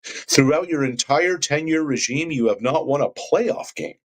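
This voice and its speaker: A man's voice: a little high, a little slow. A man co-hosting sports talk radio, ranting with passion and firing rhetorical questions.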